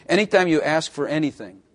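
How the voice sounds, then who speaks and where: A man's voice: fairly high pitch, lively intonation, a little slow, vocal fry. A man preaching a sermon, emphatic, repeating phrases and asking the congregation questions.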